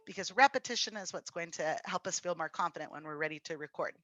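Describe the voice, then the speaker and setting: A woman's voice: fairly low pitch, sharp tone, lo-fi sound. A woman teaching a music theory exam-prep lesson, patiently explaining and encouraging students she calls friends. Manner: slow, patient explaining with fillers. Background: faint piano.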